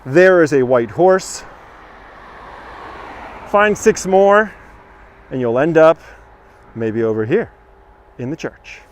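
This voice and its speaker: A man's voice: on the high side, lively intonation, takes it slowly, long pauses. A man hosting a live walking tour outdoors, chatting and joking while answering viewer comments. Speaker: tour guide host. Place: outdoors on a village street with passing trucks.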